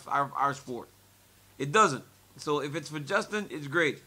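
This is a man in his forties answering reporters' questions, and his voice is bright and sits a little high. He talks in an animated way, laughs often and repeats phrases as he tells his stories. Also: normal speed. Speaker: interviewee, former fighter and commentator. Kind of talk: media scrum interview.

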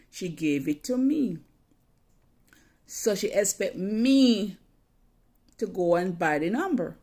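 A woman's voice: medium pitch, a little mellow. A woman telling a personal story in a dramatic, emotional way, often repeating phrases.

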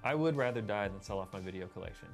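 A man's voice: fairly low pitch, expressive, quick pace, faint music behind. A man telling stories in a documentary interview, dry and sardonic. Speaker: VHS collector interviewee.

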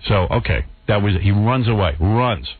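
A man's voice: expressive, moderate pace, husky, dry recording. Exasperated man telling a story on radio. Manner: exasperated, acts out quotes in a higher voice. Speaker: radio show host. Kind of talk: animated storytelling on talk radio. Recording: phone-like narrow radio sound.

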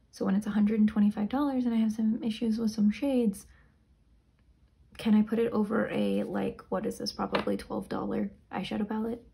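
A woman's voice: mid-range voice, creaky, dark tone. A young woman casually reviewing products, chatty and rambling, sounding tired. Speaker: beauty vlogger.

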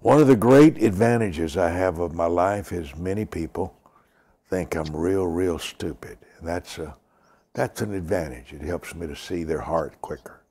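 An older man preaching and praying, slow and emphatic, repeating lines and dropping to a whisper. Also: sits low, mellow. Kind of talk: sermon with prayer.

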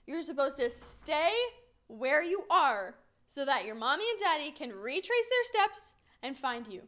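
A young woman giving a children's message, telling stories to kids in an animated, playful way. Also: sits high, unhurried. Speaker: children's minister.

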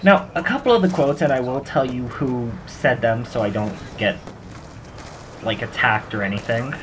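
A young man hosts casual gameplay commentary for his gaming channel, rambling and cracking self-mocking jokes. His voice is medium-pitched at a normal speed, with background noise behind him.

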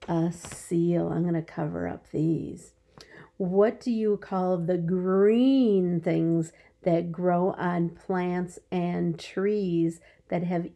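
A woman with a lowish, gravelly, dark-toned voice teaches young children phonics. She stretches words out slowly so they can count the syllables.

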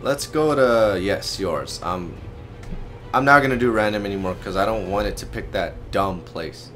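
A man giving live gameplay commentary, excitable and teasing, with sudden yelps and laughs. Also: lowish voice, normal speed. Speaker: gaming video host. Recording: game music behind the voice.

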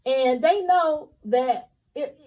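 A woman's voice: sits high, takes it slowly, warm tone. A young woman, chatting candidly to her viewers about her couponing trip and calling them y'all. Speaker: couponing vlogger. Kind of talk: casual chat to viewers.

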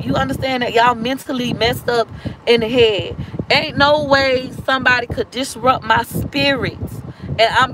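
A woman's voice: medium pitch, background noise. A woman in her thirties venting bluntly and with plenty of profanity in a casual vlog. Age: 30s. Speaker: vlogger.

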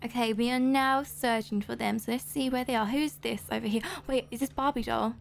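Brief: young-sounding woman game streamer, high voice with vocal fry, bubbly, gasps and squeals a lot. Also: fast, few pauses. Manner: excitable, gushing, frequent gasps and squeals; talks straight to viewers. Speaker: YouTuber host. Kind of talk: Roblox gameplay commentary.

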